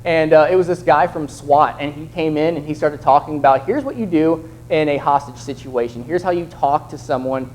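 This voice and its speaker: A man's voice: fairly high pitch, normal speed, few pauses, a little mellow, slight background noise, rough recording. A young man preaching a sermon in a conversational way, acting out the voices of the people in his examples. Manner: conversational, acts out quoted voices.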